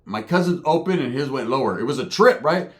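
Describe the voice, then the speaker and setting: A man's voice: medium pitch, a little fast. A man telling a crude, comic story in a casual, profane way, tagging lines with "right?". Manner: profane, animated, rhetorical "right?". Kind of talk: comedic storytelling.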